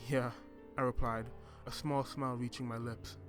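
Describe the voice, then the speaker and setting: A man's voice: mid-range voice, flat delivery, fairly bright tone. Man narrating a first-person story. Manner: measured, reflective. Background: music.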